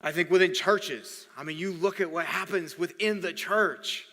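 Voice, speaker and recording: A man's voice: high-pitched, normal speed, a bit bright, big-room sound. A man preaching a sermon as pastor, conversational and often repeating words while he thinks. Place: church hall.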